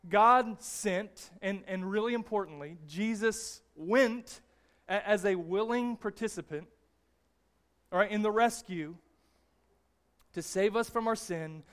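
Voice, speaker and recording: A male pastor preaching a sermon in a conversational way, restarting phrases often and checking in with tags like "all right?". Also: sits high.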